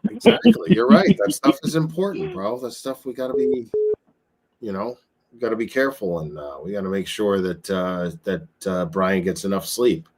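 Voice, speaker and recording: A man hosting a live call-in stream, talking in a loose, laughing, animated way. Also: low-pitched, moderate pace. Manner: animated, laughing, swearing casually. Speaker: host. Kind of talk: casual live-stream commentary.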